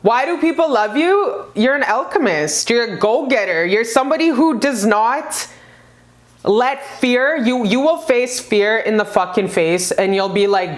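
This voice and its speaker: A woman with a fairly high voice reads tarot cards in a casual pick-a-card video. She gushes and swears freely, breaking into bursts of excitement as she flips each card. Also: unhurried. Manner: animated, gushing and profane, bursts of high excitement.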